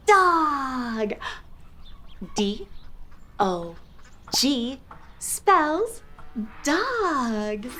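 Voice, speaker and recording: A young woman talks to toddlers in a high, bouncy voice that swoops up and down. She speaks very slowly and spells out words letter by letter, playful and exaggerated. A faint room hum sits behind her. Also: a bit bright. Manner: exaggerated, playful, lots of laughs and gasps. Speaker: children's educational host. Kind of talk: slow, sing-song toddler teaching with animal sounds.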